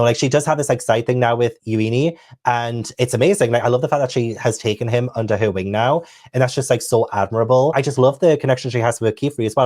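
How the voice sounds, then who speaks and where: A man's voice: mid-range voice, a little mellow. Thoughtful man hosting a casual chat. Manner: thoughtful, rambling with many fillers. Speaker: host.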